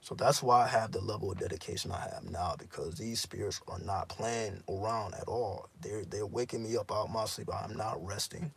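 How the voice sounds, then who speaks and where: Gravelly raspy low-voiced man. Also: fairly even intonation, normal speed, hardly any pauses. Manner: profane, intense, emphatic repetition. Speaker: spiritual teacher. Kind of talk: casual monologue.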